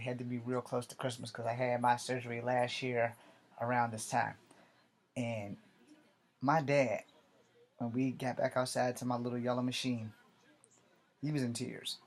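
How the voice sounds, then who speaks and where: A man's voice: mid-range voice, a little mellow. Rambling, profane man in his forties. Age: 40s. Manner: rambling, profane, often corrects himself. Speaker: army veteran vlogger. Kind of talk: casual personal storytelling.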